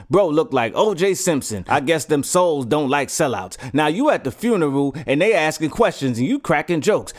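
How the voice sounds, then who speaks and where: A man narrates a movie recap. He talks in second person, roasting the characters with slang and profanity in an irreverent comedic voice-over. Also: fairly high pitch.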